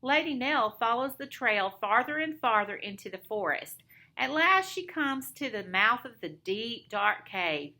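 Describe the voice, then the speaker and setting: Woman teacher, storytime reader: high, bright, animated, slow. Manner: expressive storytime narration. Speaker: elementary school teacher. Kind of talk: reading a picture book aloud.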